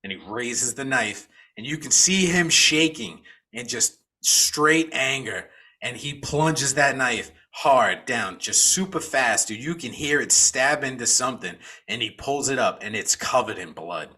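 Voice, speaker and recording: A man's voice: medium pitch, lively intonation, a little slow, pushed and bright, slightly rough. A man co-hosting a podcast, recapping a film in a casual, profane storytelling way. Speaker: podcast co-host.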